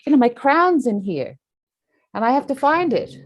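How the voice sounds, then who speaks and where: A woman's voice: high-pitched, big pitch swings, moderate pace, pitched above the performer's own voice. A woman voicing a stubborn, desperate person drowning in a pond, pleading and wailing for help.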